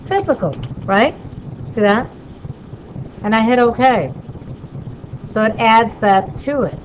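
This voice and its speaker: A woman instructor walking through a drawing in a casual lesson and checking in with quick questions. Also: a little high, a little hiss or hum, low-quality recording. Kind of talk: casual screen-recorded lesson.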